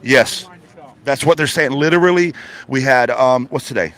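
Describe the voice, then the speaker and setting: A man's voice: mid-range voice, normal speed, a bit bright. Urgent blunt man reporting live on scene. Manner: urgent, emphatic, blunt and profane. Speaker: on-the-ground reporter. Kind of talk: live remote interview. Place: outdoors at a protest site.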